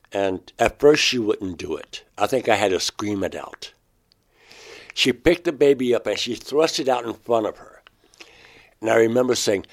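A man being interviewed, telling of a personal experience in a halting way, often restarting words. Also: fairly low pitch, expressive. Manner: halting, restarts words, rises sharply when quoting himself. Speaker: interviewee, painter.

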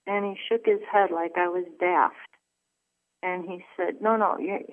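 Woman on a phone line, low voice. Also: fairly even intonation, measured pace. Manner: earnest storytelling with frequent restarts. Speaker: guest. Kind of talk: telling a personal story.

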